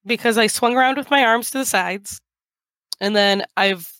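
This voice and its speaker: A woman's voice: on the high side, normal speed, a bit bright, no echo, studio quality. Joking woman player in a tabletop game. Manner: joking, playful. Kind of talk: casual tabletop play.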